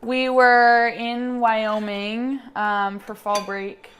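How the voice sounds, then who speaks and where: A woman's voice: a little high, level tone, very slow, a bit bright, a little hiss or hum. A young woman chatting hesitantly with many ums while cooking in a home kitchen. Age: young adult. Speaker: guest, bride-to-be. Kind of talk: casual chat.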